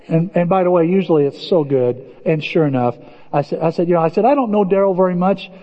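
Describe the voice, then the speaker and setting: A male pastor preaching a sermon in a lively, animated way, acting out quoted voices. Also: quick pace, long reverb tail, muffled recording. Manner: animated, acts out quoted voices with big pitch jumps.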